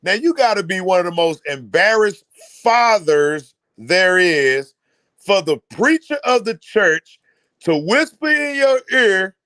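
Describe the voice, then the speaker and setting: Reaction host, male, high and dry, brash and profane. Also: lively intonation, slow, no room sound. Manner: loud, mocking, swearing, mimics others. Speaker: commentary host.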